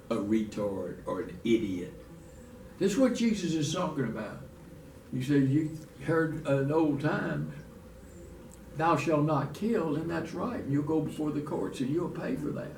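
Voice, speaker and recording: A man's voice: medium pitch, lively intonation, unhurried, darkish tone. A man teaching a church Bible lesson in a folksy, restarting way, reading scripture aloud. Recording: echoey room from far off, faint noise.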